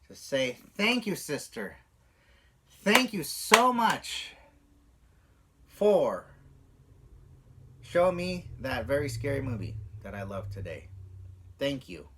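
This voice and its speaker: A man vlogs casually to the camera, speaking slowly with frequent pauses against a noisy background. He recounts a childhood memory of a movie and animatedly acts out the quotes, his voice leaping up and down in pitch.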